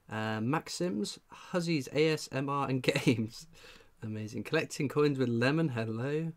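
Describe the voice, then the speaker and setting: A man's voice: mid-range voice, moderate pace. A man with a cold, hosting a casual live stream, chatting and reading out viewer names. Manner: chatty, reads out viewer names, laughs a lot. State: has a cold. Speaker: livestream host. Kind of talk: casual livestream chat.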